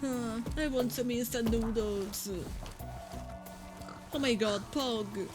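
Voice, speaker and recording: A woman's voice: a little high, slow pace, over music. A woman with an Italian accent giving chatty live gameplay commentary, joking with her viewers. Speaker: live streamer.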